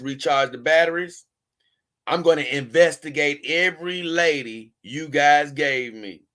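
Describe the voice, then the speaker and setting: A man's voice: medium pitch, a bit bright. A man hosting a casual livestream, reading viewer comments and rambling on in loose, with chuckling asides. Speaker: livestream host.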